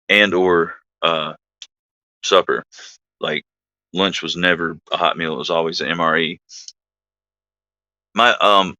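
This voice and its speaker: A man's voice: low-pitched, pushed and bright, dry recording, lo-fi sound. A man hosting a livestream, telling a rambling army anecdote in a casual way, full of fillers and asides to his chat. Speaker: livestream host, army veteran. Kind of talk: casual storytelling.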